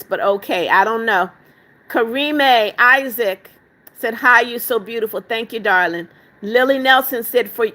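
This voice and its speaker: Bright-voiced older woman reading live chat. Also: on the high side. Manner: affectionate, calls viewers darling. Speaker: livestream host.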